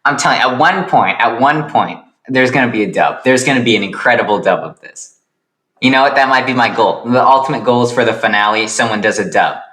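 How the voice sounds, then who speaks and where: A man improvising comedic narration for his own animated series, rambling and making self-deprecating asides. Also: mid-range voice, fairly quick.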